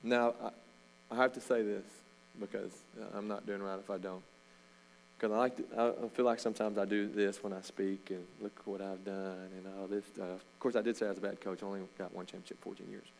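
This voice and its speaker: A middle-aged man, a coach giving an informal, animated sermon talk in a church. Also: lowish voice, a little fast, gravelly, a little hiss or hum, poor audio. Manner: storytelling, animated, with loud shouted bursts.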